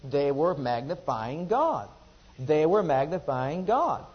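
A man preaching a sermon who asks the congregation questions and swings between loud emphasis and quiet asides. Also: on the high side, big pitch swings, slow pace, breathy edge, muffled recording.

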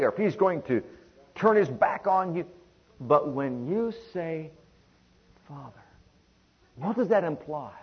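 A middle-aged man preaching a sermon, swinging between hushed, tender passages and loud, urgent ones. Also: on the high side, breathy edge, lo-fi sound. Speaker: pastor.

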